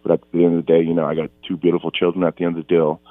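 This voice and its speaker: A man's voice: sits low, completely flat delivery, rapid-fire, no room sound, phone-quality sound. A man in his forties talking earnestly as an interview guest, often restarting and repeating himself. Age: 40s. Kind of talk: casual interview talk.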